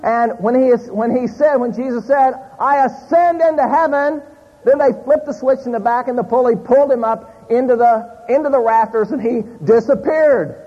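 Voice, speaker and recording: A man preaching a sermon, telling an animated story to a live congregation in a church. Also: extremely high pitch, normal speed, hardly any pauses, slightly rough. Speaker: pastor. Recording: muffled audio in a large hall.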